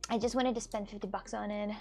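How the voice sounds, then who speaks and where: Chatty woman with a gravelly edge, music behind. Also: medium pitch, fairly even intonation, a little mellow. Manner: halting, many fillers and restarts. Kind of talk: casual chat reading viewer messages.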